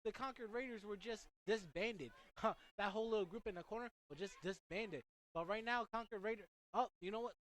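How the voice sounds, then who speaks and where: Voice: medium pitch, brisk, hardly any pauses, fairly bright tone, poor audio. Young student commentator, rambling play-by-play with goofy asides. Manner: chatty and rambling, with joking asides.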